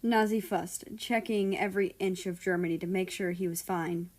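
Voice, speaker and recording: A woman reading a fan fiction story aloud in a steady, storytelling way. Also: lowish voice, normal speed. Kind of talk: scripted narration of a fan story.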